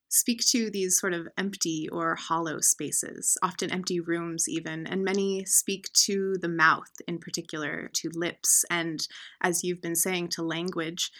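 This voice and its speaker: A female host of a book show interviewing a poet, asking measured, considered questions. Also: fairly low pitch, fairly even intonation, a bit bright.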